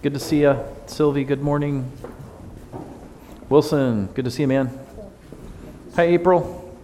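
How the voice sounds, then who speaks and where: A man leads a children's sermon in a church sanctuary, joking and throwing questions at the kids. His voice sits at an ordinary pitch, and it rings with the long reverb of the hall. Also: a little slow, dark tone, a little hiss or hum. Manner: playful, chatty, asks the kids questions. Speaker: pastor giving a children's sermon. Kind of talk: casual children's sermon to a congregation.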